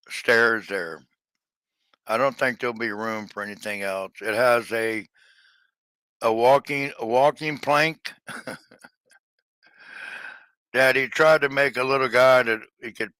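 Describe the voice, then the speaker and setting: A man's voice: mid-range voice, pushed and bright, no echo. A man chatting casually to his livestream audience, rambling with many fillers and restarts. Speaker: livestream seller.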